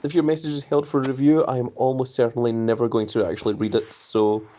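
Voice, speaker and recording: A man's voice: mid-range voice, flat delivery, quick pace, dark tone, a little hiss or hum. A man hosting a casual live stream, chatting loosely and reading viewer messages aloud.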